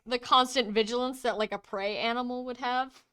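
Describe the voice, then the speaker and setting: A woman's voice: a little high, fairly even intonation, normal speed, a bit bright, clear, resonant tone. A woman narrating a tabletop game as game master, with a casual, joking delivery.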